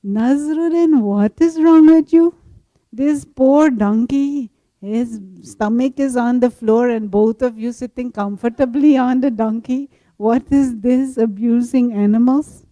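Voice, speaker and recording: A woman's voice: medium pitch, unhurried, warm tone, dry recording, lightly acted, rough recording. A woman voicing a group of nosy street philosophers who scold a passerby with indignant questions.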